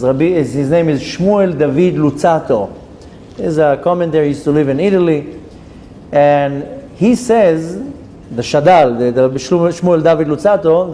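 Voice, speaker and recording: A man teaching a class as a rabbi, telling a story in a lively way and often repeating and restarting his phrases. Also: a little high, a little hiss or hum. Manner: repeats and restarts phrases, tells a joke with rising intensity. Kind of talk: lively spoken Torah lesson with storytelling.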